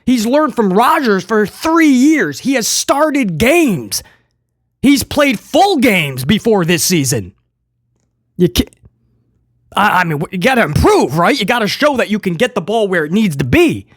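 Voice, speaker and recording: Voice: medium pitch, sing-song, a little slow, no echo, studio quality. A football fan giving a casual, sarcastic game review monologue as the show's host. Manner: sarcastic, joking and exasperated.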